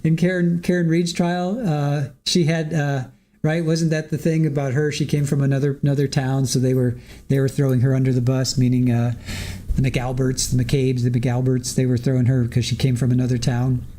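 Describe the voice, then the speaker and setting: A man's voice: mid-range voice, flat delivery, normal speed, dark tone. A man recapping a trial in casual live commentary, laughing often as he retells what witnesses and the judge said.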